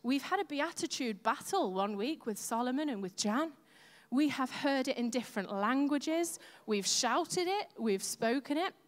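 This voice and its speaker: A woman's voice: high-pitched, expressive, measured pace, hardly any pauses. A woman leading a church service, speaking in a chatty, upbeat way as she opens the sermon. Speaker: church leader. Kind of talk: sermon introduction. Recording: long hall reverb.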